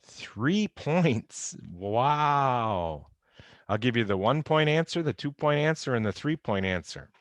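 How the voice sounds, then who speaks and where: His mid-range voice is animated, though he takes things slowly. The chemistry instructor addresses his students in a casual, wry recorded lecture about exam answers, captured dry on a close computer mic during a video call.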